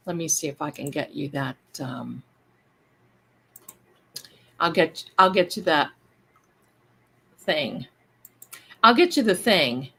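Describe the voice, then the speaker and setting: Slow-talking woman hosting a livestream. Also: deep voice, expressive, gravelly, a bit bright, breathy edge. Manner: rambling and chatty, addressing viewers. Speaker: live-stream host. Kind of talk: casual livestream chat.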